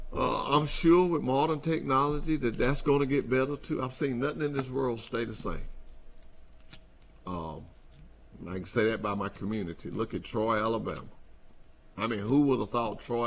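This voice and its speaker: A man's voice: lowish voice, creaky, fairly bright tone, breathy edge. A man hosting a company show, talking in a folksy, repetitive, emphatic way to his truck drivers. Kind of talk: casual address to drivers.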